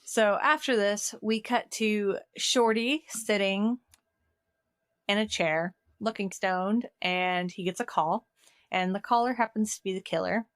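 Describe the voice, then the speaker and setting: A woman's voice: mid-range voice, unhurried, no room sound, studio quality. Woman recapping a movie with acted-out quotes. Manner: animated, acts out quoted lines. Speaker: podcast co-host.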